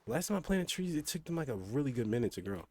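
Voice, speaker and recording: A fast-talking young man streams a game, his medium-pitched, slightly mellow voice rising and falling in a sing-song way. He rambles casually about his motorbike and car, heavy on fillers with mild swearing, and there's a little hiss or hum.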